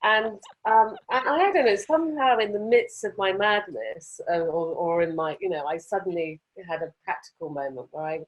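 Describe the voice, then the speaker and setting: A woman, a podcast guest telling a personal story in an animated, expressive and self-mocking way. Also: mid-range voice, normal speed, hardly any pauses. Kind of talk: conversational storytelling.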